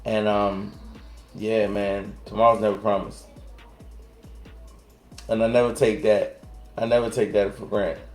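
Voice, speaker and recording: A man co-hosting a casual chat, talking in a relaxed, rambling way with many fillers and restarts. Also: on the low side. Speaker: co-host. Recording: echoey room.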